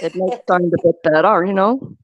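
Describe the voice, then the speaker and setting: A woman's voice: on the low side, normal speed, no room sound, highs cut off. A woman chatting on a live online call, swearing and mocking herself in easygoing banter. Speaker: live panel guest. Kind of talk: casual chat.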